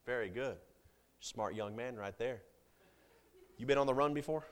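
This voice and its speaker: A man preaching a sermon to a congregation, with big swings in loudness and pitch and jokes with the listeners. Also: moderate pace, a little hiss or hum.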